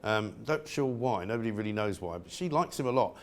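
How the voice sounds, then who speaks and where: A man's voice: lowish voice, expressive, a little fast. A middle-aged male presenter from England giving an outspoken, sarcastic opinion monologue.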